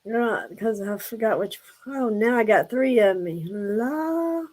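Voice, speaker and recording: A woman, hosting a casual live stream, hoarse and breathless from laughing, chatty and a bit scattered. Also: a little high, takes it slowly, darkish tone. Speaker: livestream host. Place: room at home.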